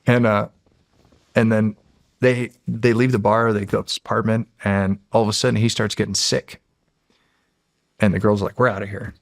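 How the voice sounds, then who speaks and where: A man's voice: lowish voice, flat delivery, moderate pace, vocal fry, pauses often, dry recording, studio quality. A middle-aged American man and podcast guest who tells stories casually and animatedly, acting out the voices. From United States. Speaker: podcast guest, former Navy SEAL. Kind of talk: casual storytelling.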